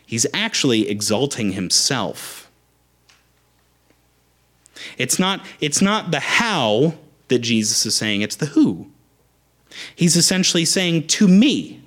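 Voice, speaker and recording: A young adult man preaching a sermon as a pastor, emphatic and animated, repeating rallying phrases. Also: mid-range voice.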